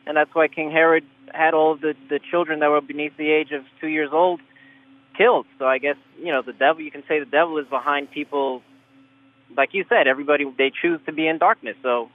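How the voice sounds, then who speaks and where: A man with a slightly raised pitch calls in to a radio show. He rambles and hesitates as he talks. His voice comes through a narrow, phone-like line. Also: steady tone, fairly quick, dry recording. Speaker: caller. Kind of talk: phone-in call.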